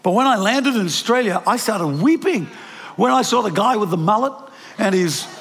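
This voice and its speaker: Older kiwi pastor preaching, fairly high voice, long echo off a big hall. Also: male voice, lively intonation, moderate pace, creaky, a bit bright. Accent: New Zealand. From New Zealand. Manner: anecdotal, self-deprecating, frequent restarts. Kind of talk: sermon. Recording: preached in a large reverberant hall.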